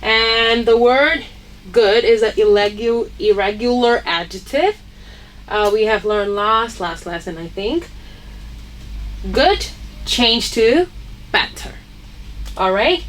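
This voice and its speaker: A woman's voice: on the high side, takes it slowly, long pauses, slight background noise, low-quality recording. A woman teaching an English grammar lesson, patiently explaining and checking in with her class after each point. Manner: patient, checks in with "okay?" and "right?".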